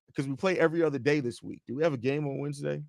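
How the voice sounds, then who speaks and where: Male podcast host, 30s, loose joking storyteller, higher-pitched, recorded close and dry. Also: rapid-fire, vocal fry, darkish tone, dry recording. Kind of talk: casual live-stream chat.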